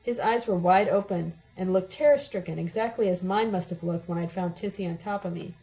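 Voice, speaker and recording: A woman's voice: fairly low pitch, brisk, dark tone, low-quality recording. A woman giving an emotionally charged, dramatic first-person audiobook narration.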